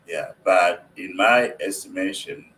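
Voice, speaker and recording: A man's voice: sits low, unhurried, bright, forceful tone, low-quality recording. A man giving policy views in a remote discussion, emphatic and fond of repeating his key points. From Zambia. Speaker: guest economist.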